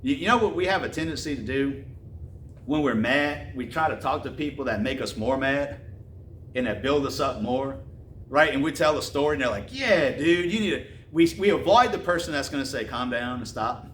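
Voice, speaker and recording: Animated preacher man in a roomy church. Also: medium pitch, fairly quick, a little hiss or hum. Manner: reads scripture then retells it in casual slang, laughing. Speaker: pastor. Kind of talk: sermon. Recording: roomy echo, mic at a distance, faint ambience.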